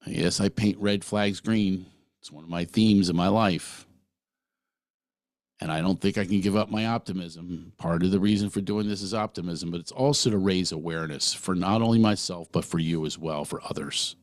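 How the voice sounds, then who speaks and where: A man's voice: deep voice, normal speed, no echo, clean studio sound. A middle-aged man hosting a podcast, talking earnestly through a personal monologue and putting questions straight to the listener. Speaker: podcast host.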